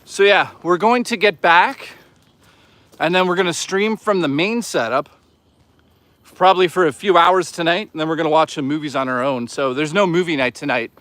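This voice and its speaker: A man's voice: fairly high pitch, normal speed, fairly bright tone, no room sound. Guy livestreaming on a hike, casual and sweary, dry close sound. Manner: rambling, profane, chatty with viewers. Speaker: livestream host. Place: outdoors on a hike.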